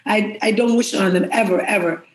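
A woman's voice: mid-range voice, steady tone, fairly quick, reverberant, poor audio. A middle-aged woman and mother talking in casual chat, heartfelt and blunt, swearing freely. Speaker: guest, mother.

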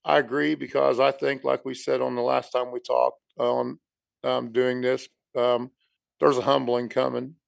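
A man's voice: mid-range voice, flat delivery, a little slow, vocal fry, dry recording. A man co-hosting a podcast, talking in a rambling, conversational way and saying "dude" often. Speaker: podcast co-host. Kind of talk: casual chat.

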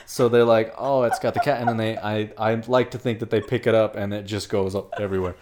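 A man's voice: fairly low pitch, level tone, fast talker, background noise. A young man in casual podcast chat, telling profane, crude stories and laughing at his own jokes.

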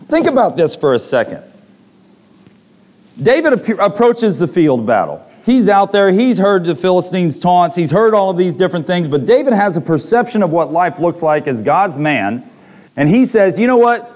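A man's voice: high-pitched, big pitch swings, moderate pace, darkish tone. A man preaching a sermon to a congregation, reading scripture and retelling stories with dramatic voiced quotes.

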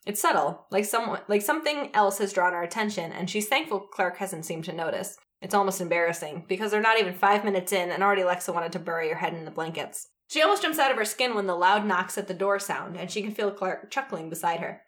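A woman co-hosting a podcast and reading fan fiction aloud, lively and quick to laugh, pausing to fix her own misreadings. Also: medium pitch. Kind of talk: reading a story aloud, with joking asides.

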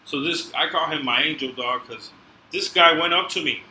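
A man's voice: a little high, moderate pace, bright, forceful tone. A man, a podcast guest, telling his story in casual, emotional street slang. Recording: echoey room, faint noise.

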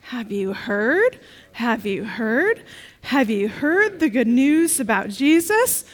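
A woman playing Peter, a puzzled disciple, speaking in a slow confused voice. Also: a little high, very animated, full character voice. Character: baffled fisherman disciple Peter, adult man.

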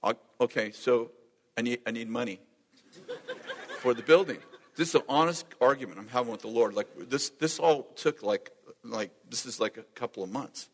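A man preaching a sermon as a lively storyteller who acts out the dialogue and laughs often. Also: mid-range voice, moderate pace. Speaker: pastor. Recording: long hall reverb.

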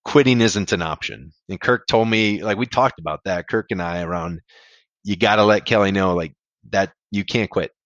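A man's voice: low-pitched, normal speed, a bit bright, dry recording, dull audio. A man being interviewed, telling a candid, rambling story about a hard race, with casual swearing. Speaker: podcast guest, amateur ultrarunner.

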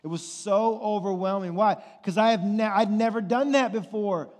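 A man's voice: high-pitched, moderate pace, darkish tone. A man in his thirties, a pastor preaching a sermon in a conversational way, often checking in with "right?". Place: church sanctuary. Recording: long hall reverb.

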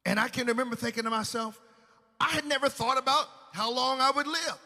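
Male preacher, sermon testimony, high-pitched, bright tone, emotional loud-to-hushed delivery, church hall reverb. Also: fairly quick, vocal fry.

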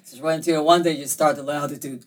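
A woman's voice: low-pitched, steady tone, quick pace. Sex: woman. Role: interviewer. Style: casual interview. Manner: laughing, stumbling over words.

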